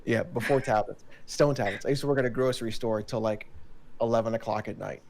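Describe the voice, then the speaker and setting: A man's voice: medium pitch, fast talker, vocal fry, over a noisy crowd. A man speaking as a guest on a podcast, rambling and swearing freely in casual chat.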